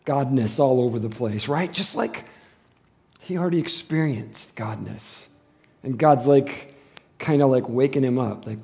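A male pastor preaching a sermon to his church, animated and moving between loud, emphatic stretches and hushed, quiet ones. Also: medium pitch, measured pace. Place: church service.

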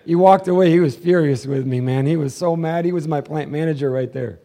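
A man preaching a sermon as pastor, swinging between hushed, intimate passages and loud, fervent ones. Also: on the high side, brisk, few pauses.

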